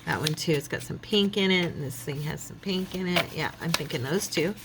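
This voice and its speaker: A woman chats to her viewers while crafting at home, thinking aloud in a relaxed, self-deprecating way. Her voice sits low with a gravelly fry. A faint hiss runs behind her. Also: fairly quick. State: yawning, relaxed. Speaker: craft channel host. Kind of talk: casual crafting chat to viewers.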